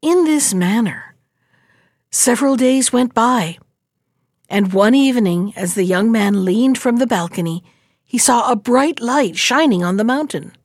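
A woman reading a fairy tale aloud, narrating in a measured, expressive way. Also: on the high side, no echo, studio quality. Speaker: storyteller.

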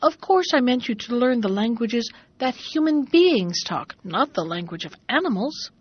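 A woman's voice: a little high, animated, moderate pace, husky, lo-fi sound. A woman voicing an angry rich merchant father in a storybook reading, exasperated and cross.

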